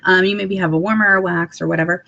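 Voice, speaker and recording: Chatty, gravelly-voiced woman vlogger. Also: lowish voice, fairly even intonation, quick pace, sharp tone. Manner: bubbly and chatty, with filler ums and sudden playful voices. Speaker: sales consultant giving weekly training. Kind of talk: casual training vlog. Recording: dull lo-fi recording.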